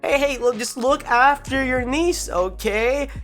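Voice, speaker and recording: A woman's voice: high-pitched, a little slow, faint music behind, voice pushed up. A woman putting on her younger sister's voice, a flustered young woman soothing a baby, in a casual vlog.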